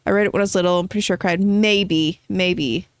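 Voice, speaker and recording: A woman's voice: lowish voice, fairly even intonation, fairly quick, smooth, no echo, studio quality. A woman streaming a video game, chatting casually and playfully with her viewers and teasing them as she reads their messages. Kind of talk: casual gameplay live-stream chat.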